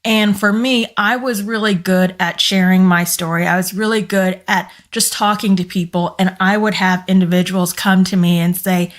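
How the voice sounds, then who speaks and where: A woman's voice: mid-range voice, fairly even intonation, normal speed, few pauses. A woman who has left corporate work to run her own business, speaking to camera in a casual, encouraging way while losing her voice. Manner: earnest, encouraging, with fillers and small restarts. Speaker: business coach and former corporate employee. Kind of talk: casual motivational talk to camera.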